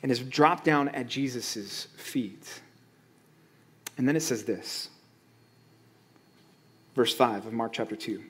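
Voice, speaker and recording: A man preaching a sermon as pastor, reading scripture slowly and swinging between loud emphatic lines and quiet asides. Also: fairly high pitch, lively intonation. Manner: reads scripture slowly, stretching key words.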